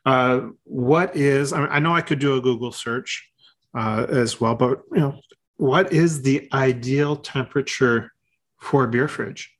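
A man co-hosting a casual podcast, talking in a relaxed, halting way with many restarts. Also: mid-range voice. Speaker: podcast co-host.

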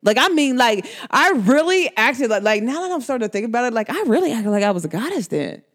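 A woman hosts a casual astrology chat with a fairly high voice that swings widely in pitch. She rambles in slangy, personal talk and breaks into laughter often. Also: sing-song, fast talker. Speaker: astrology podcast host.

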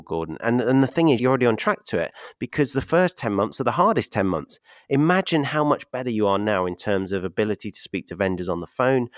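Guy hosting a podcast, lowish voice, chatty and upbeat, laughs a lot, dry close sound. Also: no echo. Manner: upbeat, laughs often, explains figures step by step. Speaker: podcast host and property investment mentor. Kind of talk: casual podcast interview.

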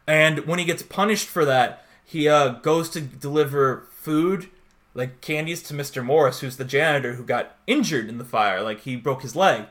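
Brisk and fairly bright, this medium-pitched male voice belongs to a podcast co-host in his 20s. His casual chat is an animated ramble packed with "like," and he acts out the scenes he describes.

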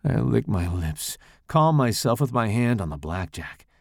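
A man reading his own first-person horror story aloud in a slow, dramatic, expressive way. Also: on the low side, creaky, dry recording, clean studio sound.

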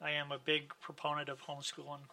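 A man's voice: a little high, monotone, quick pace, creaky, sharp tone, no echo. A man co-hosting a podcast, rambling hesitantly with loose grammar. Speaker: podcast co-host. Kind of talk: casual live podcast chat.

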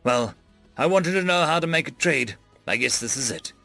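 A relaxed young spacefarer who talks things through out loud, as the narrator puts him on. His voice is raised, bright and forceful, recorded close and dry with faint music behind. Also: a little high, normal speed, creaky, no echo, voice pushed up, exaggerated voice. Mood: casual. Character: young human man, last of his kind, easygoing.

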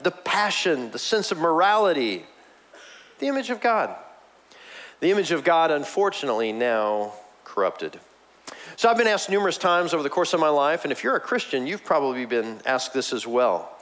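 An energetic man gives a sermon as pastor, moving back and forth between booming emphatic lines and quiet, low ones. Asides and chuckles keep the tone casual and conversational.

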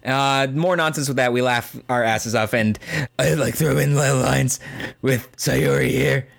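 A man's voice: mid-range voice, steady tone, unhurried, creaky, slight background noise. Rambling man co-hosting a podcast. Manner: rambling, with many fillers and restarts; laughs easily. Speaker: podcast co-host. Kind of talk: casual chat.

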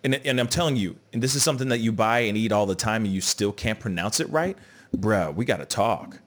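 Man, podcast host, casual chat, lively swooping pitch, slangy, animated. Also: a little fast. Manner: animated, mocking over-pronunciation, says "bruh" and "you know what I'm saying".

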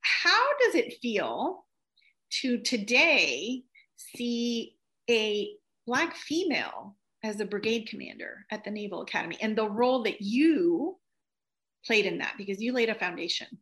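A woman's voice: a little high, sing-song, measured pace, a bit bright. Lady host interviewing a guest, encouraging, prompting her with questions. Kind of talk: conversational interview.

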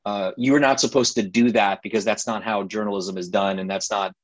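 A man answering in an interview, halting and full of fillers and restarts. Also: on the low side, steady tone, dry recording. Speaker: podcast guest. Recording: dull muffled audio.

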